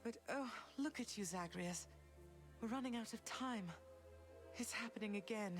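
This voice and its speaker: A woman voicing a gentle, sorrowful goddess mother in a video game, speaking tenderly to her son. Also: on the high side, normal speed, soft background music, natural voice. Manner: tender, wistful.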